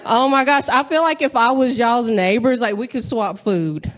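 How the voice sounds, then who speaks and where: Her voice a little high with lively intonation at normal speed, a young woman from North Carolina works the crowd directly during a brash, playful comedy club set.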